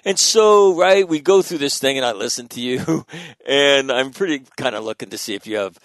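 A middle-aged man in a casual podcast conversation, telling stories in a profane, animated way. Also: mid-range voice, normal speed, dry recording.

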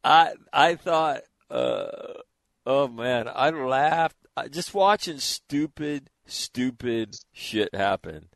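An older man hosting a casual chat, telling animated, laughing stories with crude swearing. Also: mid-range voice, slow, dry recording. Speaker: host.

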